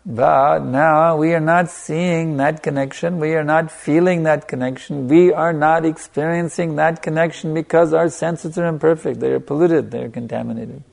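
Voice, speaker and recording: Gravelly man preaching, emphatic. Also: fairly high pitch, fairly even intonation, moderate pace, hardly any pauses. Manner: lets "you see" drop off quietly after points; emphatic, repeating phrases for stress. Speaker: spiritual teacher. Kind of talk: sermon.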